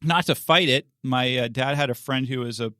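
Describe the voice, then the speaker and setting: A man's voice: medium pitch, moderate pace, pushed and bright, no echo, studio quality. A middle-aged man, a pastor, telling a story on a church podcast in a chatty way, laughing often and acting out the people he quotes.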